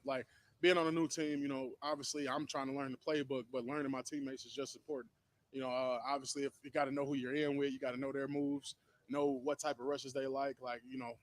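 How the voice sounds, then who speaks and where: Man, football player, quick speech, earnest, explaining, lots of fillers. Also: mid-range voice. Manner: earnest, explanatory, full of fillers like "you know". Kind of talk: answering interview questions.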